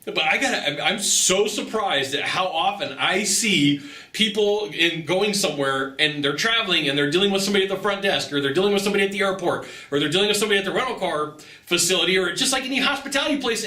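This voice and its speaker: Middle-aged man, upbeat advice vlogger, high lively voice, echoey room. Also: fast talker. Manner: animated, chatty, laughs often, acts out dialogue. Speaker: travel and persuasion tips presenter. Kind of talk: casual advice talk to camera.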